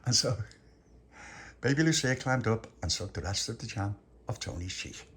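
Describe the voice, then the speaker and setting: A man's voice: lowish voice, animated, normal speed, fairly bright tone, slight background noise. A man telling a rambling, made-up children's story and chuckling at his own jokes. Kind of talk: improvised bedtime-style storytelling.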